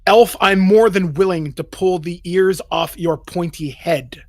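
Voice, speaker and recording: A menacing orc mercenary, put on by a man, proud and stiffly formal in a tabletop game. His voice is dry and close, a little higher than you might expect. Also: unhurried, a little mellow, no room sound. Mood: threatening. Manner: formal, threatening speech.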